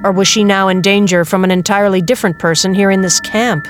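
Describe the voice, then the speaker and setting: A woman reading a novel aloud as narrator, in a steady, measured way. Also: medium pitch, soft background music. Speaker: audiobook narrator. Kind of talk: scripted narration.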